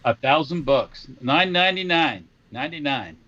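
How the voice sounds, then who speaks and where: Male co-host, rambling and dry-sarcastic, lively pitch; muffled remote line. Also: normal speed. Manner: sarcastic, rambling, restarts phrases. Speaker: podcast co-host who works in a gun shop. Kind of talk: casual podcast chat.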